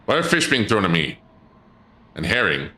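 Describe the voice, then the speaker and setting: A man live-streaming, chatting with his viewers in an excitable, stammering way, his voice often leaping up when surprised. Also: fairly low pitch, moderate pace. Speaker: livestreamer. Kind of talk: live-stream chat banter. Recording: echoey room with game music behind.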